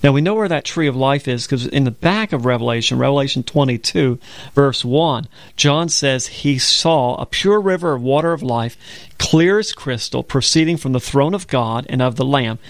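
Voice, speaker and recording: Gravelly man teaching Bible on air. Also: mid-range voice, expressive, moderate pace, dry recording. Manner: storytelling, explains scripture step by step. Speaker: Bible program co-host.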